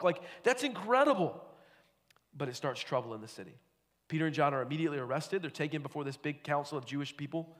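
Man preaching casually in a reverberant hall. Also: a little high. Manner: joking, conversational preaching. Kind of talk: casual sermon.

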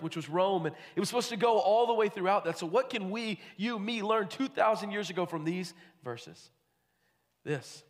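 Man preaching casually in a reverberant hall. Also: a little high. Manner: joking, conversational preaching. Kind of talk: casual sermon.

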